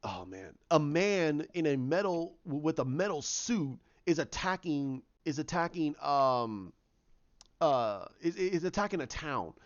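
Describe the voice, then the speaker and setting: A man's voice: on the high side, big pitch swings, a little slow. A man casually retelling his own movie idea, rambling with many restarts and fillers. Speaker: fan pitching a movie idea. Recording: dull lo-fi recording.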